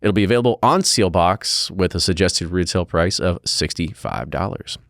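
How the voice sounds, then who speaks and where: A low-pitched man hosts a casual podcast news roundup, reading items aloud and then joking about them. His voice is close and dry on a studio mic, with no room sound. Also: lively intonation, moderate pace, fairly bright tone, no echo. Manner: chatty, jokey, reads items then riffs.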